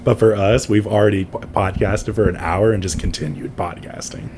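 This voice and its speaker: A man co-hosting a casual podcast, talking in a lively, joking way and acting out the voices he quotes. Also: fairly low pitch, moderate pace, slight background noise. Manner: animated, acts out quoted voices. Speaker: podcast co-host.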